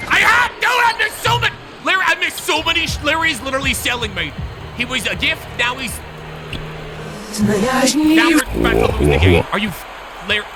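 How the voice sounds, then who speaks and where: A man hosting a gaming video, giving excitable live commentary on his own play and shouting and groaning at the game. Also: sits high. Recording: loud game music behind the voice.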